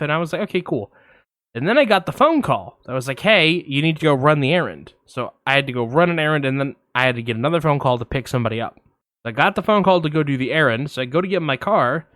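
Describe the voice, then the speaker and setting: A young man co-hosting a podcast, telling a long story in a casual, animated way, swearing freely and acting out the voices of others. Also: a little high, no echo, clean studio sound. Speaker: podcast co-host.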